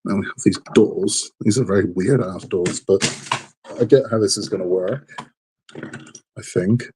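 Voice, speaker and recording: A man's voice: low-pitched, moderate pace, mellow, a little hiss or hum. A man hosting a live model-building stream, chatting casually and frankly, rambling and repeating himself, tired and under the weather. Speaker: livestream host building a model kit.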